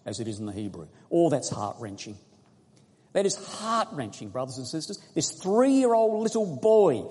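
A man preaching a sermon in a large hall, his voice mellow and a little husky. He reads scripture slowly and earnestly and stops to quiz his congregation. A long reverb hangs behind every phrase. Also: on the high side, big pitch swings. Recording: echoey hall recording.

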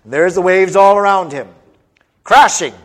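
A man in his fifties preaching a sermon as an animated storyteller, wandering into tangents and joking at his own expense. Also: high-pitched, measured pace. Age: 50s. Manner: animated storyteller, rambling, self-mocking humor.

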